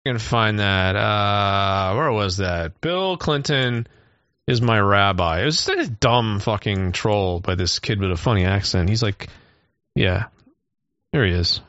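A man hosting a podcast, chatting and joking in an animated way. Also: on the low side, unhurried, no room sound, lo-fi sound. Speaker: podcast host. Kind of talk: casual chat.

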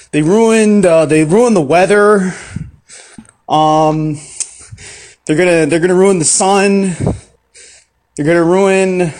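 A man's voice: high-pitched, darkish tone. A man voicing a whiny, furious young man who rants, swears and sputters in comic self-pity. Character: whiny, furious young man ranting about everything being ruined.

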